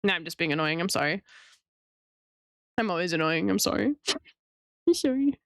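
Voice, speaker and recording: A woman's voice: fairly low pitch, lively intonation, normal speed, no room sound, studio quality. A woman streamer chatting casually with her chat while she draws, playful and teasing, laughing often.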